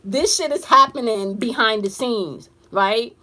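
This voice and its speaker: A woman's voice: a little high, measured pace, sharp tone. A woman who works as an intuitive reader and coach tells a client story on a casual live stream. She talks bluntly, swears freely, and speaks straight to her viewers.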